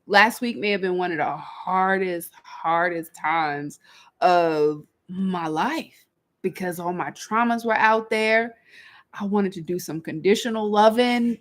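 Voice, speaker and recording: Candid woman telling a personal story. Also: mid-range voice. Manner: candid, animated storytelling with quoted inner dialogue. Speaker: life coach. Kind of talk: personal reflective monologue.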